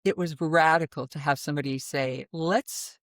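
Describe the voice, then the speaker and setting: In a conversational interview, a Midwestern voice teacher with a naturally deep voice shares her story expressively, abruptly demonstrating vocal sounds along the way. She speaks at a measured pace, and the studio-quality audio has no room sound.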